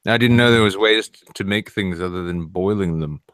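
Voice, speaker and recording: A man's voice: low voice, brisk, a bit bright, no room sound, clean studio sound. An American man in casual live-stream chat, joking crudely and swearing freely. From United States.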